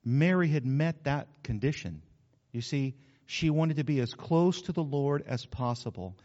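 A man with a slightly high voice preaches at a measured pace, his folksy, animated sermon including questions for the congregation. It takes place in a church hall, and the audio is dull.

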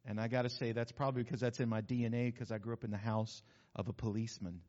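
A man preaching a sermon as pastor, lively and conversational with asides to the congregation. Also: medium pitch, fast talker. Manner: animated preaching with asides and acted-out quotes. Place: church sanctuary. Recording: dull sound with long hall reverb.

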